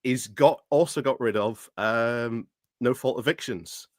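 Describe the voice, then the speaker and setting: A man's voice: mid-range voice, a little slow, no room sound, clean studio sound. A man hosting a stream, arguing politics in casual debate, coughing from hay fever and talking over his guest. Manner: interrupting, insistent. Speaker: stream host.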